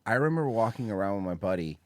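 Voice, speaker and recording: A man hosting a podcast who tells stories with animation and acts out other people's shouts in casual chat. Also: fairly low pitch, lively intonation, racing, no room sound, clean studio sound. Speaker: podcast host. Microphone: studio microphone.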